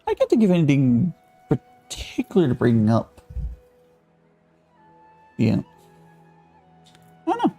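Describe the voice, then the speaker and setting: Brief: lively gaming streamer, mellow tone, reading quest lines over soft game music. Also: medium pitch, takes it slowly, long pauses. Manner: animated, breaks off reading to react to chat. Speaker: live-streamer. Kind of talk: game live stream, reading quest text and chatting with viewers.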